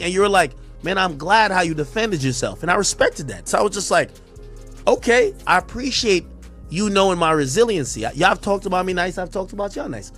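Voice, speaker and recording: A man's voice: sits high, a bit bright. A man in a played podcast clip, speaking earnestly and rambling about a feud.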